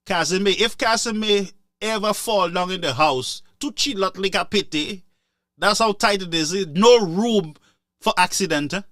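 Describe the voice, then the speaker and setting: A man's voice: sits high, moderate pace, fairly bright tone, no echo, clean studio sound. A man giving impassioned political commentary, scolding listeners in a repetitive, sarcastic way.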